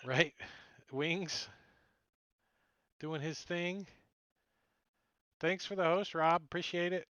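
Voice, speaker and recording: A man's voice: a little high, takes it slowly, long pauses, fairly bright tone, no room sound. A man running a tabletop game as dungeon master, narrating loosely, swearing, laughing and adding sound effects.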